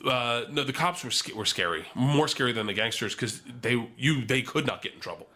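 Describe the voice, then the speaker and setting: Bright-voiced man rambling through a story. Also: mid-range voice, animated, a little fast. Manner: profane, rambling anecdotes with lots of restarts. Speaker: podcast guest. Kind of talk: storytelling in casual chat.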